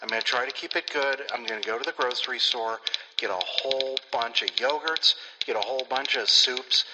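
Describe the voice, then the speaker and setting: A man's voice: mid-range voice, fairly quick, long reverb tail, very noisy. A man hosting a podcast, chatting casually in a playful, rambling, self-mocking way. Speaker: podcast host.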